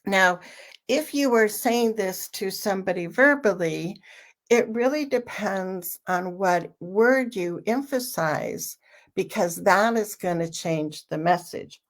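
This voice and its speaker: A woman giving a relaxed online training talk for parents, explaining slowly with plenty of fillers. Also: mid-range voice. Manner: slow, conversational explaining with frequent fillers; repeats a question with shifting emphasis.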